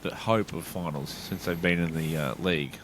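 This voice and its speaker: A man, co-hosting a casual podcast chat, sweary and quick to laugh. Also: sits low, slight background noise. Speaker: podcast co-host.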